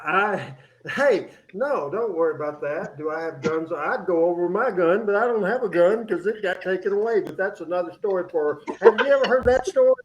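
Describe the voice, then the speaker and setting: A man with a high-pitched voice hosting a radio show from the studio. He talks in energetic, rambling bursts, full of fillers and false starts. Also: moderate pace, dull audio, a little hiss or hum. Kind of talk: casual studio chat.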